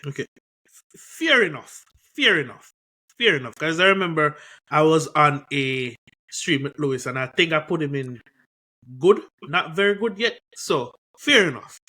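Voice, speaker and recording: Host guy with a bright, sharp, slightly high voice, easygoing football chat. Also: animated, husky. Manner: agreeable, quick to concede points, gives chat shout-outs.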